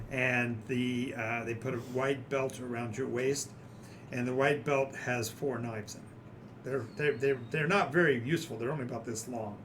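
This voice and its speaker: A man's voice: medium pitch, background noise. A man running a tabletop game as game master, describing scenes in a rambling way with frequent fillers.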